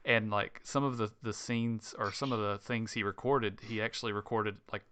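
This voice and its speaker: A man with a lowish, smooth, resonant voice chatting as a podcast co-host. He muses in an easygoing way and often laughs between thoughts. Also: steady tone, normal speed, fairly bright tone. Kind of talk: casual chat.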